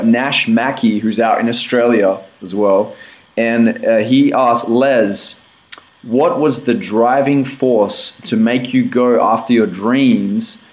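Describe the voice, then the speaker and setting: Relaxed man hosting an interview. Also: mid-range voice, reverberant, poor audio. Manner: relaxed, affirming, uses many fillers. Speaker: interview host. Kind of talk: casual interview.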